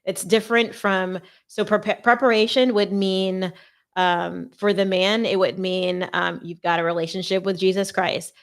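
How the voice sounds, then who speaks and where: A woman's voice: medium pitch, steady tone, normal speed. A woman host talking earnestly and conversationally about faith and marriage preparation, with playful asides. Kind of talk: faith-based marriage advice talk.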